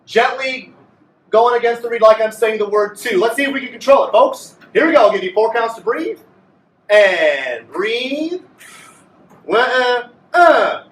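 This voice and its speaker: A music teacher with a very high, lively voice leads a beginners' group clarinet lesson at a moderate pace, coaching and joking with his students in a playful way. He's recorded from a distance in an echoey room, with a slight hiss or hum.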